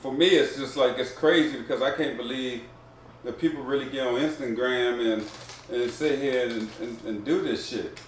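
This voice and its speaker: A man's voice: medium pitch, moderate pace, far from the mic. Exasperated man talking off-mic in an echoey room. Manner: exasperated, loose and profane. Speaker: reaction video co-host. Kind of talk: casual reaction chat. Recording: roomy echo, off-mic, faint noise.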